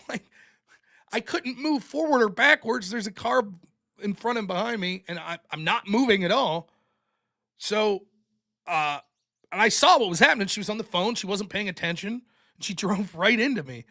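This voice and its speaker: A man with a high, bright voice tells a story in a loose, casual way. He acts out the people he quotes and laughs often along the way. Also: expressive, normal speed. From United States. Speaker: podcast host.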